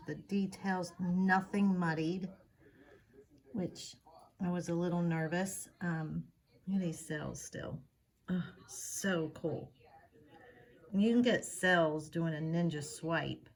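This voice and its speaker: A woman narrates her craft vlog in a chatty, gushing way. Her voice sits a little low. She speaks slowly and without hurry. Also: a bit bright. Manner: gushing, chatty, slow-spoken. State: out of breath. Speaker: fluid art painter.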